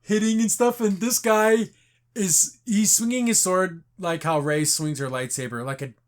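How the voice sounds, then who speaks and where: A man's voice: high-pitched, fairly even intonation, moderate pace. A man hosting a casual review podcast, animatedly retelling scenes and acting out the characters' lines. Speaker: podcast host.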